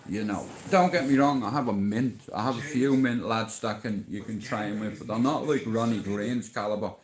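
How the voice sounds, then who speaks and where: A man's voice: fairly low pitch, normal speed, echoey room. An Irish man hosting a casual livestream, talking in a boastful, rambling way with plenty of swearing. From Ireland. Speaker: livestream host.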